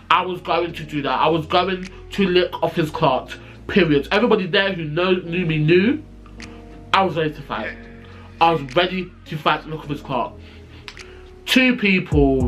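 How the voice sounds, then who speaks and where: A man telling a storytime vlog, animated, sassy and profane. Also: a little high. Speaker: vlogger.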